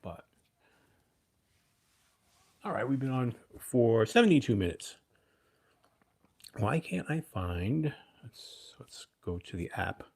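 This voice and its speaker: A man's voice: mid-range voice, sing-song, slow, gravelly, long pauses, darkish tone, slightly rough. A man in his fifties hosting a casual livestream, rambling and chatting with viewers. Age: 50s. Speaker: livestream host.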